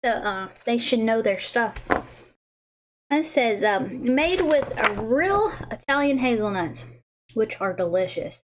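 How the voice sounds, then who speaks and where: A bubbly woman chats casually on a livestream. Her voice sits a little high, she giggles easily, and she trips over words as she reads aloud. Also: animated, takes it slowly, noisy background. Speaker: livestream host tasting snacks.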